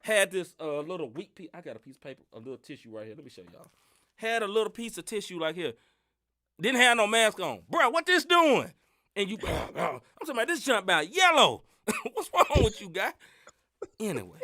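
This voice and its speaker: A man's voice: high-pitched, a little fast, no room sound, clean studio sound. A man co-hosting a sports podcast, ranting in casual slang and laughing often, a bit under the weather with a sinus infection. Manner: animated, laughing rants full of slang. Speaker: podcast co-host. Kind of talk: casual sports-show chat.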